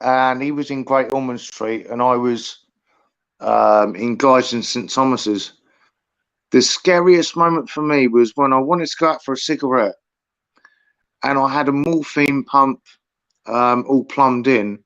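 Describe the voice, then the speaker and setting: A man's voice: mid-range voice, a little slow, a bit bright, muffled recording. A man telling a personal anecdote in casual chat, sweary and chuckling as he goes. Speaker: protester chatting. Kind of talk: casual storytelling.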